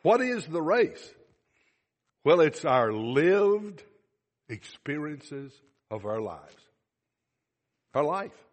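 Animated male preacher in echoing hall. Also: on the high side, very slow, pauses often. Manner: animated, acts out dialogue, asks the congregation questions. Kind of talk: sermon. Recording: long hall reverb.

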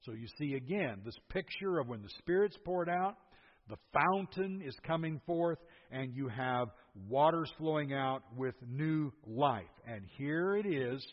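An older man preaching a sermon, explaining scripture verse by verse with emphatic asides. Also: mid-range voice. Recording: husky voice, dull lo-fi sound, long hall reverb.

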